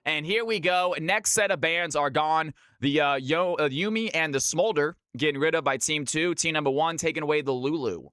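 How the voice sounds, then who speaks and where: A bright, forceful male voice sits a little high for a man and runs a chatty, upbeat live play-by-play. He is close on a streaming mic in a dry, dead-sounding space. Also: moderate pace, hardly any pauses, smooth, dry recording. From California. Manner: upbeat, chatty, talks straight to chat. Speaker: streamer and game caster. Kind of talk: live esports play-by-play commentary.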